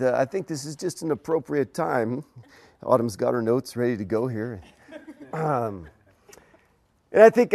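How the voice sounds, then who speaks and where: A man's voice: medium pitch, warm tone, no echo. A man who is a pastor, giving an informal sermon to an engaged couple. He halts and restarts often, then builds to emphatic rhetorical questions.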